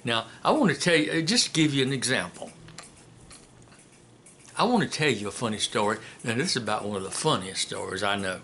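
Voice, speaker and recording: A man giving a casual spoken commentary and telling a joke in a folksy, unhurried way with many filler pauses. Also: medium pitch, expressive, a bit bright, slight background noise. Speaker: commentator and storyteller.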